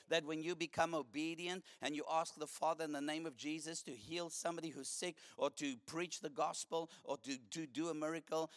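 A man's voice: on the high side, no echo, clean studio sound. A man preaching a fervent sermon, telling a story and calling for responses from the congregation.

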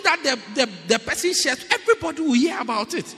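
A man preaching a sermon to a congregation in an animated, playful, teasing way, heard with long reverb in a church hall. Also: extremely high pitch, quick pace, few pauses.

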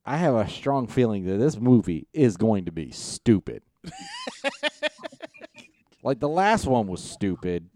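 A man's voice: fairly low pitch, big pitch swings, measured pace, pauses often, mellow, no echo, studio quality. A man co-hosting a podcast in casual chat, rambling and hesitant as he explains things. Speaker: podcast co-host.

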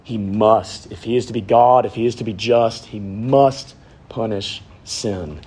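A man in his thirties, a pastor preaching a sermon, swinging from raised emphasis down to hushed, near-whispered lines. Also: lowish voice, a little slow, breathy edge.

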